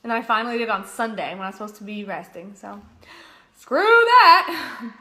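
A young woman, a singer and livestream host, streams from her home kitchen, chatting casually, reading comments and breaking into song. She speaks fast in a medium-pitched, fairly bright voice with fairly even intonation.

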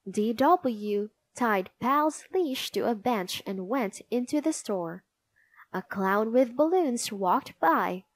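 A woman reading a picture book aloud in a high, sing-song voice. Her pace is slow and her pitch swings widely. The sound is close and dry. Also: expressive, dry recording. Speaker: storybook reader. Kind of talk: children's read-aloud narration.

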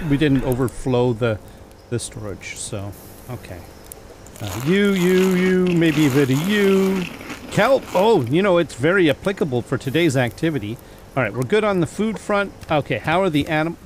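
Male let's-play host, lively up-and-down delivery, chatty, chuckles a lot, counts things under his breath. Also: mid-range voice, noisy background. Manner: chatty, thinks aloud and counts items aloud; chuckles often at his own mishaps. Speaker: gameplay commentator. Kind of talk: casual let's-play commentary.

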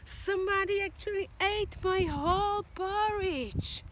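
A woman voicing a small upset baby bear in a storybook, whining in a high, loud voice. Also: a little slow, slight background noise.

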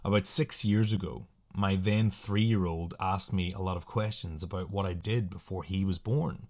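A man with a very low voice chats casually as a podcast co-host. He reads creepy little anecdotes aloud in a playful, chatty way, dropping quick jokes between them. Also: steady tone, a little mellow. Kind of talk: casual chat, reading spooky anecdotes.

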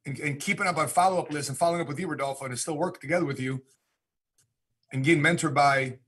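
Husky man hosting a podcast. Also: on the high side, fast, fairly bright tone. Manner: conversational, with filler hesitations. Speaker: podcast host. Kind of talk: casual podcast talk.

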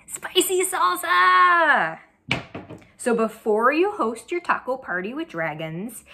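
Young woman, storybook read-aloud, bouncy sing-song pitch, slow unhurried delivery, questions to kids. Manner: animated, asks children questions. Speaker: children's storyteller. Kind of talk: reading a picture book aloud to children.

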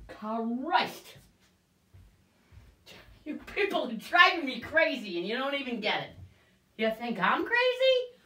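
An older woman talks to her camera in an agitated, swearing rant. Her voice swings widely in pitch while she speaks slowly, stumbling over restarts. Bitter little laughs cut through her anger. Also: a bit bright, husky. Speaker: vlogger filming herself. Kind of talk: angry self-filmed rant.

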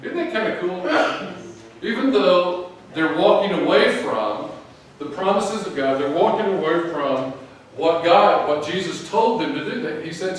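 A man's voice: a little high, animated, moderate pace, slight background noise. A man preaching a sermon in a church, with a folksy, joking way of talking to the congregation. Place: church sanctuary.

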